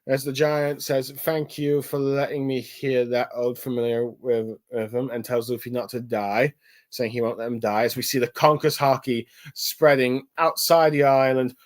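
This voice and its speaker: Rambling man recapping with many ums. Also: on the high side. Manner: rambling, lots of ums and self-corrections. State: a little tired. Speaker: chapter reviewer. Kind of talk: casual recap and review.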